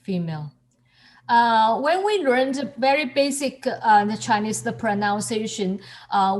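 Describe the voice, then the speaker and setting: A calligraphy and Chinese teacher with a voice on the high side speaks unhurriedly to a student on a video call. She repeats each word, explaining with patience and offering encouragement.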